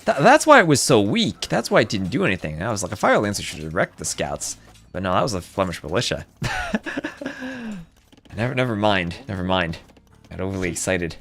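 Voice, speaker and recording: A man commentating a live strategy game tournament, chatty and excitable, chatting with viewers between plays, with faint music behind. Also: low-pitched, fast. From New Jersey. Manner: chatty, reads chat aloud, excitable outbursts. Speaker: esports caster.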